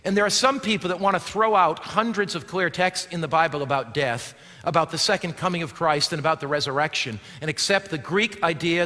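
A man preaching a sermon in a high, bright, forceful voice. He swings from loud declaiming down to a hushed near-whisper and throws rhetorical questions at his listeners. The long reverb of a big hall trails his words. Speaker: pastor.

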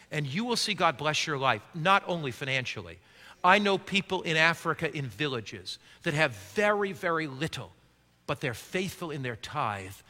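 High, bright-voiced pastor preaching in a hall. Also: male voice. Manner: call-and-response questions to the congregation. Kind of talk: sermon.

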